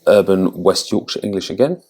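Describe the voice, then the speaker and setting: A man working as an accent coach, thinking aloud as he rates quiz answers, with halting restarts. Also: sits low, darkish tone, husky. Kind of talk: casual commentary on a quiz.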